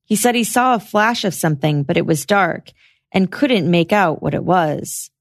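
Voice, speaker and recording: A woman hosting a podcast, giving a measured, scripted narration of a trial's testimony. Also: lowish voice, expressive, no echo, studio quality. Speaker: podcast host. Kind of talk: scripted true-crime narration.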